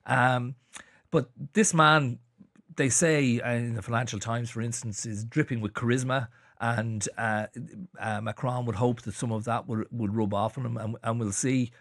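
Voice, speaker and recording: Halting Irish man on a radio panel. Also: mid-range voice, steady tone, fairly bright tone, no room sound, clean studio sound. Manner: halting, many restarts and fillers. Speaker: journalist panelist. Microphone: studio microphone.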